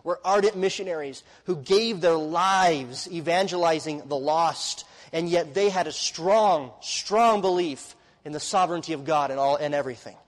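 A man preaching a sermon with earnest intensity, swinging from loud emphasis to hushed, quiet passages. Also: on the high side, normal speed, in a large hall, poor audio. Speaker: pastor.

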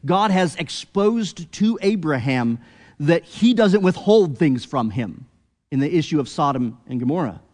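A man preaching an expository sermon, earnest, rising to emphatic peaks and then dropping low and quiet. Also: expressive, measured pace, big-room sound.

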